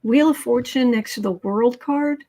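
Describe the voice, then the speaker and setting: A woman's voice: a little high, unhurried, mellow. A woman hosting a daily tarot livestream, reading viewer comments aloud and commenting on the cards in a chatty, sarcastic way. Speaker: tarot reader host.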